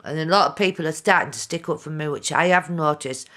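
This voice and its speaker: A woman's voice: low-pitched, fast, pushed and bright. A middle-aged woman, talking heartfelt and direct to her viewers in a video diary. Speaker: vlogger.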